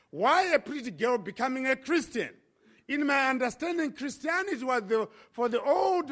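A man from Africa telling his conversion story as a sermon testimony, impassioned with dramatic pauses. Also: high-pitched, a bit bright. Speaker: preacher.

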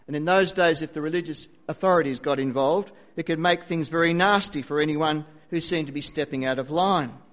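A man's voice: a little high, fairly bright tone. A man preaching a sermon, telling a story with dry asides and a varied pace.

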